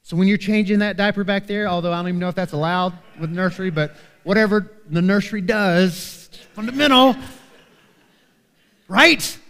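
High-voiced man preaching in a reverberant church. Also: normal speed, fairly bright tone, clear, resonant tone. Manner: earnest, conversational preaching with frequent "right?". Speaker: pastor. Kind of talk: sermon. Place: church sanctuary.

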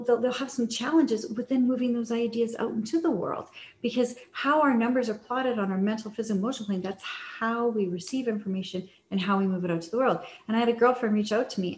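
A woman sales coach talking in a casual teaching style, chatty, with many fillers and restarts. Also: fairly high pitch. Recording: echoey room.

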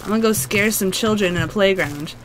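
A woman's voice: mid-range voice, fairly quick, slight background noise, lightly acted, poor audio. Woman putting on a bored, sulky forest stalker. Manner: sulky, dismissive. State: hoarse from a long cough.

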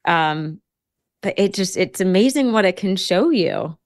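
A woman's voice: lowish voice, animated, unhurried, no echo, studio quality. A woman guest on a podcast, telling a personal story casually and acting out her own quotes.

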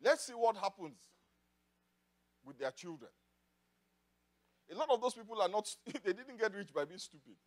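A man preaching a sermon in church, swinging from loud declarations to quiet asides. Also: high-pitched, sing-song, normal speed, long pauses. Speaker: pastor.

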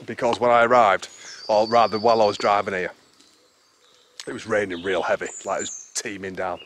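An English wild camping vlogger talks casually outdoors on a rural hillside, out of breath, chatty and rambling, often interrupting himself. His fairly low, fairly bright voice has little pitch movement and runs a little fast, with slight background noise.

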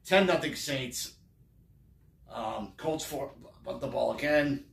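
A man's voice: medium pitch, takes it slowly, vocal fry, echoey room, distant mic. A man recapping a football game in a casual, wry and sarcastic way, rambling with fillers. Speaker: sports fan vlogger.

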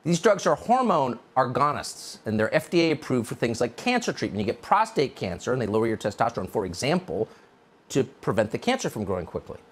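An American man delivers a mocking, indignant monologue as a political commentator. His pitch swings widely, from low grumbles to sudden high jabs. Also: sing-song, a little fast, breathy edge. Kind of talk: opinion monologue.

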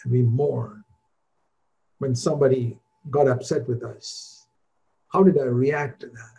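An older man preaching a sermon in an earnest, conversational way, rising in pitch on the points he stresses. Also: steady tone, measured pace, creaky, dark tone, poor audio. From India.

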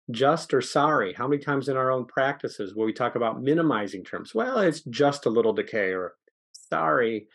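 A man leads a training session on public speaking in an upbeat coaching tone. His pitch jumps around as he demonstrates and encourages. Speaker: training presenter. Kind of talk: online training talk.

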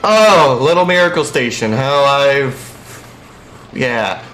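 A man giving excitable, jumpy let's play commentary while playing a horror game, quick to shout and laugh. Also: medium pitch, reverberant, slight background noise.

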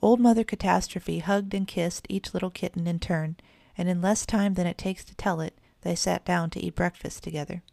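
A woman reads a children's bedtime story aloud in an even, measured way. Her voice is low and gravelly. The recording is close and completely dry. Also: dry recording. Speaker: narrator.

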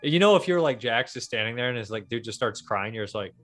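A man's voice: medium pitch, lively intonation, fast, a bit bright, faint music behind. A man hosting a podcast, chatting about horror films in a laid-back, profane way and laughing often. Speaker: podcast host. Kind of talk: casual horror film chat.

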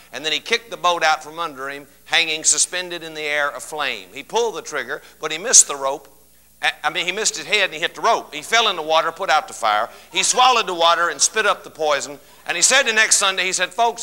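A man's voice: on the high side, sharp tone, low-quality recording. A man with a Texan accent telling stand-up jokes in a folksy manner. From West Texas. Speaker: comedian.

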